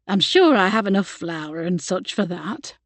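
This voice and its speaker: A woman's voice: lowish voice, very animated, unhurried, dry recording, exaggerated voice. A woman narrator voicing a fretful, motherly older cook-housekeeper who speaks in a homely, old-fashioned way. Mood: fussing.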